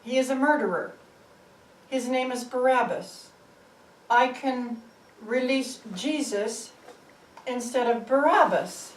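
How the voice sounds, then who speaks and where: A woman voicing a troubled governor who makes slow, measured pronouncements, in a roomy space recorded from a distance. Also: high-pitched. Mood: grave. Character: troubled Roman governor, stern man. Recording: roomy, distant mic, faint ambience.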